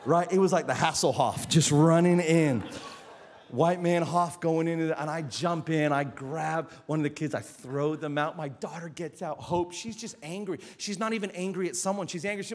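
A middle-aged man, preaching a sermon as a pastor. He tells stories in a lively, animated way and acts out other people's voices. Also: on the high side, normal speed, long reverb tail.

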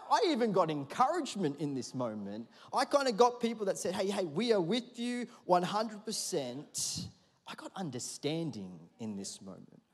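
A man preaching a sermon in a church, telling a story in a lively, conversational way and calling for responses from the congregation. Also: high-pitched. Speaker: pastor. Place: large church auditorium. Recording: long hall reverb.

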